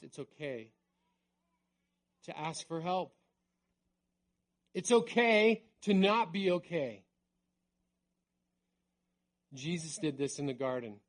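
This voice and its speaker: A middle-aged man preaching a sermon in a conversational way, dropping to a near hush on key words. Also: a little high. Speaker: pastor.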